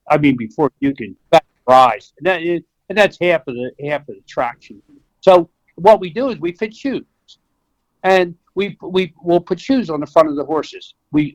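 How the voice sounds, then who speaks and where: Older American man, vet guest on a talk show. Folksy, chatty storyteller who acts out his quotes, slightly high voice, dry close mic. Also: dry recording, poor audio. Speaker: veterinarian guest. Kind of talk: conversational interview.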